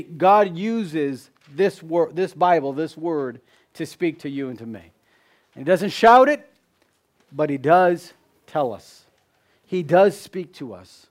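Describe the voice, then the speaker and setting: A man preaching a sermon, asking rhetorical questions, repeating key phrases, and dropping from loud emphasis to hushed tones. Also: on the high side. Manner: swings between loud emphasis and hushed drops.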